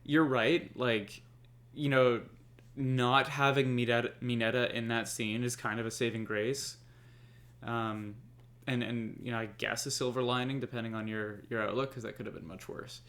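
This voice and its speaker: A man co-hosts a laid-back anime podcast, chatting loosely, swearing casually now and then, and leaning heavily on "like" and "you know." His medium-pitched voice is fairly bright, moves little in pitch, and keeps a moderate pace.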